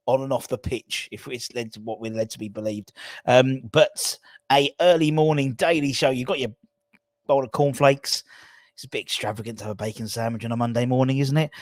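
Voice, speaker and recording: A man's voice: medium pitch, no echo. Chatty man, dry sound. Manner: chatty, rambling, jokey asides. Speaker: fan channel host. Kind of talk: casual solo transfer-news chat.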